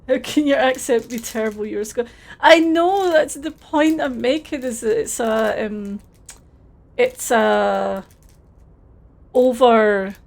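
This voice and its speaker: A woman's voice: a little high, gravelly, a little mellow. A Scottish woman streaming a game, chatting casually with viewers and searching for words. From Scotland. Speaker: livestreamer. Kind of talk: casual chat with game reading.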